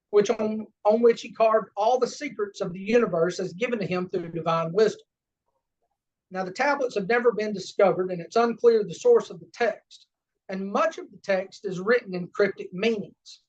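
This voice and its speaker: A man with a Southern American accent giving an unscripted lecture, halting often with fillers and self-corrections. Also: high-pitched. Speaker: lodge education lecturer. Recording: distant, dull lo-fi room recording.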